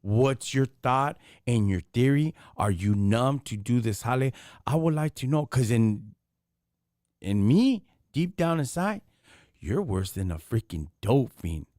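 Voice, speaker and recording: Animated man, dry sound. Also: medium pitch, measured pace, no room sound. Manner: animated, street-slang, fires rhetorical questions. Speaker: live stream host. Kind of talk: casual live stream talk.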